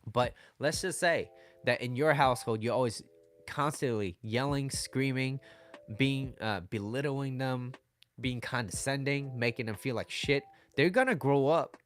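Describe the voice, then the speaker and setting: A man's voice: medium pitch, a little slow, a bit bright. A man coaching viewers on dating and relationships in a casual livestream, often checking in with "right?" and "okay?".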